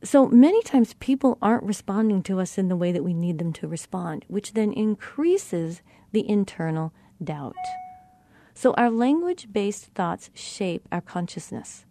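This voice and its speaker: A middle-aged woman giving a teaching talk about tone of voice and self-talk, speaking deliberately and shifting her inflection to show how phrases change meaning. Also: medium pitch, big pitch swings, warm tone. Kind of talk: teaching monologue.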